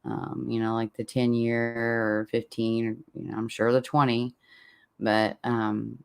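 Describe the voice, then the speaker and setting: A man hosts a laid-back true crime podcast Q&A in a middle-pitched, everyday voice. He talks in loose, meandering bursts, restarting sentences and wandering off on tangents before pulling himself back. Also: monotone, measured pace, gravelly, clean tone. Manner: rambling, self-interrupting, laughs at himself. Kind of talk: casual Q&A chat with listeners.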